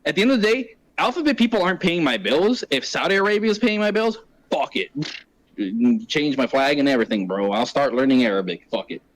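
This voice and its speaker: Fast, lively, profane podcast host. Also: male voice, on the high side, rough recording. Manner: animated, profane, slangy, quick tangents. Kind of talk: casual chat.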